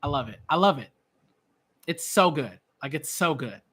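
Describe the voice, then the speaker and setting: Man, manga reaction host, excitable, rambling fillers, raised pitch, bright sharp tone. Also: normal speed, slightly rough. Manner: excitable, filler-heavy, gushing. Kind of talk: live reading reaction.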